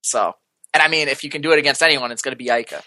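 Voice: medium pitch, rapid-fire, sharp tone. A podcast co-host giving esports betting picks in a playful, jokey way. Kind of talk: casual esports betting chat.

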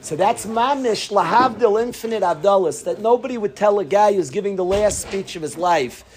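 Animated man giving a Torah talk. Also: sits high, normal speed, faint music behind. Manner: animated, lively storytelling with Yiddish and Hebrew words. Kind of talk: Torah lecture with a story.

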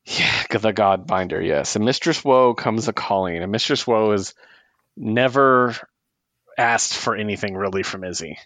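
A man's voice: lowish voice, normal speed, a bit bright, no room sound. A man co-hosting a podcast, recapping comics in an enthusiastic, rambling casual chat. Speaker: podcast co-host.

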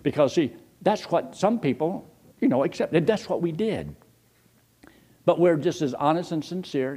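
A man preaching a storytelling sermon in a folksy, animated way, often chuckling and talking straight to the congregation. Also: medium pitch, moderate pace, breathy edge.

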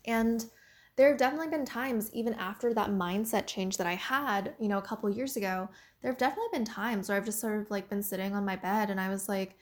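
A woman's voice: medium pitch, brisk. A young woman giving a casual motivational talk about mindset and a creative career, talking in a chatty way full of "like" and "you know".

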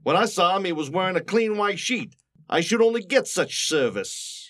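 An actor playing a gloomy, self-pitying maestro neighbor in a 1940s radio sitcom, with a mournful, wry delivery. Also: male voice, high voice, lively intonation, moderate pace, a bit bright. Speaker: neighbor musician.

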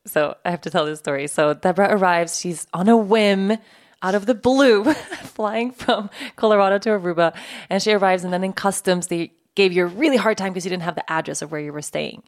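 A woman's voice: mid-range voice, fairly quick. A woman hosting a podcast, chatting casually and with enthusiasm. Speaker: podcast host.

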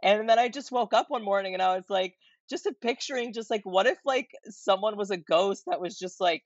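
A woman guest who makes comedy videos, talking in a relaxed, rambling way. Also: mid-range voice, a little fast, hardly any pauses, no echo. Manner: relaxed, rambling, many fillers. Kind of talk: casual interview chat. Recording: dull dry remote audio.

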